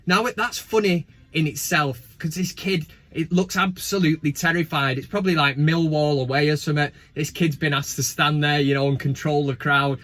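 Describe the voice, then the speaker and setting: A man's voice: a little high, moderate pace, fairly bright tone. A man hosting a football fan show, chatting casually with cheeky, swearing banter. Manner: cheeky, profane banter with asides. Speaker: fan channel host.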